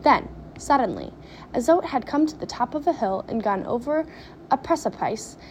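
Animated woman reading a children's story. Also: fairly high pitch, normal speed, slight background noise. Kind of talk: expressive storybook read-aloud.

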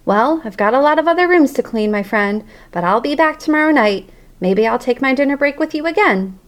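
A woman doing a jolly booming janitor. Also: expressive, fairly quick. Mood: friendly. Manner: friendly, joking, booming. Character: jolly middle-aged male night janitor, joking.

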